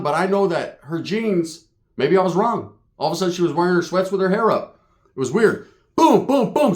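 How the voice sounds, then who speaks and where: A man from Northern California spins a profane, comic tale in loose slang, punching it up with sound effects. His voice sits high and swings widely in pitch. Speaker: storyteller. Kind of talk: profane comedic storytelling.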